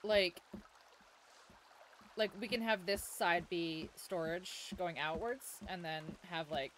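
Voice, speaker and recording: A woman's voice: on the low side, slow pace, fairly bright tone, a little hiss or hum. A woman streaming a game, chatting casually, laughing often and fighting off the hiccups. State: has the hiccups. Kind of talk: casual gameplay chat.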